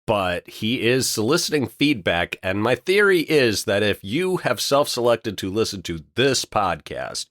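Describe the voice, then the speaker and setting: A man co-hosting a podcast, talking casually with animated, laughing banter. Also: lowish voice, unhurried, few pauses, no echo, studio quality. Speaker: podcast co-host.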